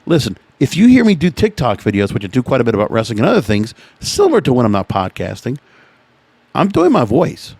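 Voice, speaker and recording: A man's voice: medium pitch, huge pitch swings, fast talker, hardly any pauses, a little mellow, no room sound. A man hosting a podcast, reading from an article and reacting to it in an opinionated, chatty way. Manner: opinionated, chatty, reacting to what he reads aloud. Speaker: podcast host.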